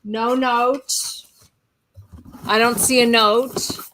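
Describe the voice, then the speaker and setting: A woman co-hosting a family vlog, chatting casually and reacting warmly while opening fan mail. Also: a little high, steady tone, very slow, heavy background noise. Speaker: vlog co-host.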